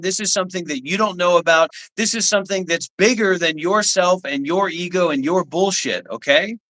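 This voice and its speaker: A man's voice: sits high, pushed and bright, poor audio. A man hosting a livestream, talking intensely, scolding viewers and rambling as he dictates instructions. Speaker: livestream host. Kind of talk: livestream talk.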